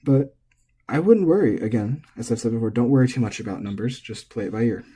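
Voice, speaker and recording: A man giving a relaxed, casual language lesson, thinking aloud and correcting himself as he goes. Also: mid-range voice, fast talker, slight background noise. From United States. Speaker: language teacher.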